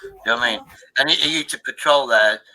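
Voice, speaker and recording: An older man holds forth on a live video call. His voice is very bright and sharp, his pitch sits in a middling range, and he rambles from story to story with plenty of swearing. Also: fast talker, rough recording. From Derbyshire, England. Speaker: livestream host. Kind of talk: casual chat.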